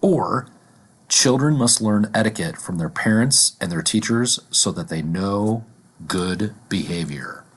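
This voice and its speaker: A man teaching a vocabulary lesson, deliberately repeating each word and its examples. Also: on the low side, lively intonation, breathy edge.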